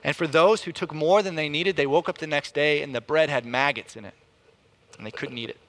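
A man preaching a sermon in an animated way, often repeating words as he restarts a thought. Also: a little fast. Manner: animated, rises in pitch and volume to act out quotes.

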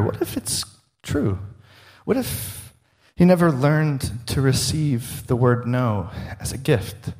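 A man's voice: medium pitch, a little mellow. A man preaching a sermon in a conversational, humorous way, often asking his listeners questions. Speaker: pastor.

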